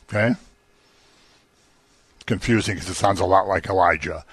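A man's voice: low-pitched, normal speed, long pauses, slightly rough, no echo. A man preaching a sermon in a conversational teaching manner, rising emphatically on key phrases. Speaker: pastor.

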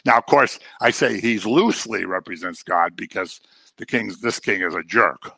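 A man preaching a sermon in a conversational way, with joking asides and animated delivery. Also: fairly low pitch, moderate pace, gravelly, slightly rough, no echo.

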